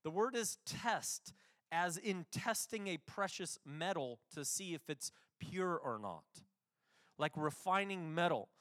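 High-voiced man preaching casually. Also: animated, a bit bright. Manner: conversational, with restarts and quick asides. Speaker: pastor. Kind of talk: sermon.

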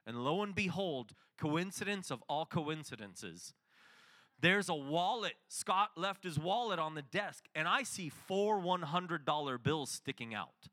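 A man's voice: fairly high pitch, expressive, unhurried, pushed and bright. A middle-aged man preaching a sermon, telling a story and acting out the dialogue.

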